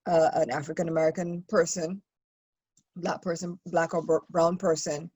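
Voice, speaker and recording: A woman co-hosting a podcast in casual conversation, talking haltingly with many restarts and fillers. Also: on the low side, level tone, darkish tone, slightly rough. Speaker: podcast co-host.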